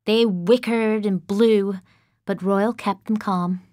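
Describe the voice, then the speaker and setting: A woman narrating an audiobook in the first person, measured and expressive, close to the mic. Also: medium pitch, dry recording.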